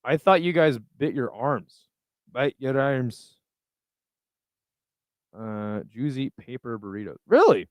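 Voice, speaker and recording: A man's voice: medium pitch, big pitch swings, moderate pace, hardly any pauses, dry recording, clean studio sound. A man hosting a casual live chat, reading and reacting to viewer messages in a loose, laid-back way with plenty of swearing. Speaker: livestream host reading chat.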